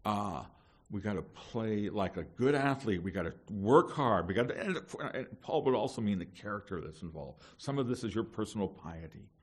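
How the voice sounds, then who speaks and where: A middle-aged male pastor preaching to seminary students in a fairly low voice. His delivery is emphatic and animated, punctuated with rhetorical questions. A sermon style that pushes the listeners to apply themselves. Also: moderate pace, slightly rough.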